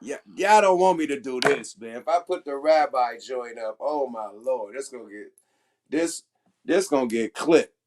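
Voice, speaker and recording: A man's voice: mid-range voice, animated, normal speed, noisy background. A man hosting a casual livestream, talking loosely and emphatically with plenty of profanity. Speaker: livestream host.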